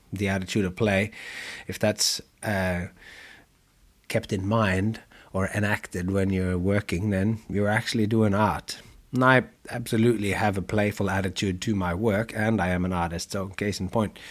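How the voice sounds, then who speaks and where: A man hosting a podcast, talking in a thoughtful, meandering monologue with many fillers and restarts. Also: lowish voice. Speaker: podcast host.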